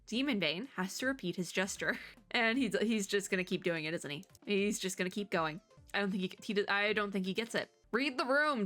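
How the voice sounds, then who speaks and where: A woman's voice: mid-range voice, a bit bright. A woman VTuber reading a game story aloud, with chatty, giggly, playfully sarcastic commentary.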